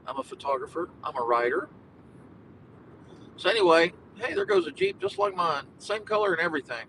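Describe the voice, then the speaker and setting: Bright and forceful, this podcast host's voice comes through poor phone audio from his car in traffic, with engine rumble and faint road noise. Livestreaming while driving, he jokes and rambles casually, meandering, singing and making animal noises.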